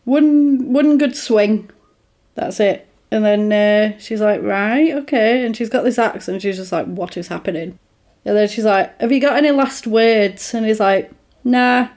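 A woman chatting casually, retelling a film plot and acting out the characters' lines in an animated way. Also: medium pitch, measured pace.

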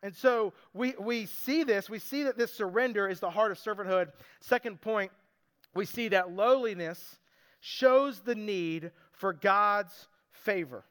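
A pastor preaches in a high, clear, resonant voice that's a bit bright, at a measured pace. He's earnest and emphatic, acting out quoted voices and repeating phrases for emphasis. The church sanctuary is reverberant, with band music.

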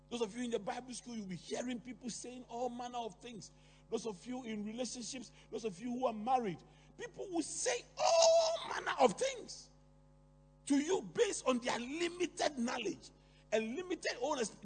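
A middle-aged man preaching a sermon, talking to the congregation with lively rhetorical questions and asides. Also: high voice, husky. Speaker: pastor. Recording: long hall reverb, faint hum.

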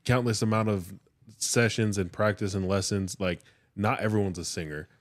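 A man co-hosting a podcast in casual chat, an animated storyteller who laughs often and acts out dialogue. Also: on the low side, normal speed. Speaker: podcast co-host.

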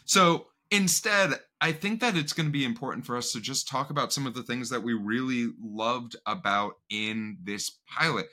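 A man hosting a casual podcast discussion, talking in quick, animated bursts full of fillers. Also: mid-range voice.

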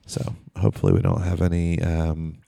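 Low gravelly man, rambling podcast chat. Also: completely flat delivery, normal speed, mellow, no echo, clean studio sound. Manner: rambling, filler-heavy storytelling. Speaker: podcast co-host. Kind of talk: casual chat.

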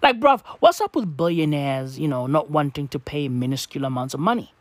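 A woman's voice: sits low, expressive, brisk, no room sound. A South African woman in her twenties delivering a profane, exasperated rant to camera, swearing and repeating her questions. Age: 20s. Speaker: vlogger. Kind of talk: profane ranting monologue.

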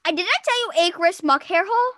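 A young woman hosting a casual podcast chat, excitable and giggly. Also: extremely high pitch, fast. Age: young adult. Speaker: podcast host.

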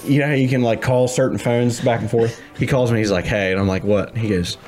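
A man's voice: medium pitch, steady tone, fairly quick, crowd noise. A man telling a crude workplace story in casual chat, rambling with many fillers and laughing as he talks.

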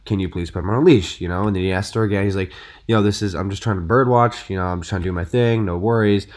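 A man in a casual podcast discussion, telling stories in an animated way, full of "you know" and "dude". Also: deep voice, quick pace. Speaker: podcast co-host.

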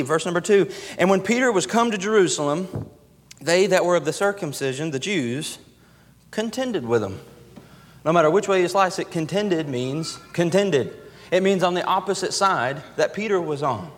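A man's voice: on the high side, expressive, normal speed. A man preaching a sermon in a church, emphatic and repeating phrases for effect. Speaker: pastor. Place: church sanctuary. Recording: long hall reverb.

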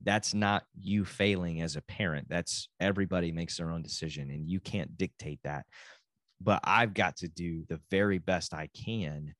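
This is a casual solo podcast from a middle-aged Texan host and father, whose accent is clearly Texan. His deep, fairly bright voice moves at a moderate pace in a dry recording, and he rambles with frequent self-interruptions.

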